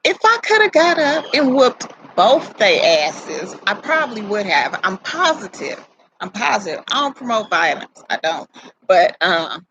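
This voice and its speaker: A young adult woman, telling a personal story to camera in a candid, profane, animated way. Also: fairly high pitch, a little hiss or hum, rough recording. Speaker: vlogger.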